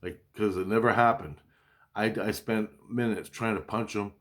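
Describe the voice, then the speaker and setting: A man's voice: on the low side, moderate pace. A man telling a story in a rambling, casual monologue, agitated and profane, often restarting his sentences. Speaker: vlogger recounting a dream.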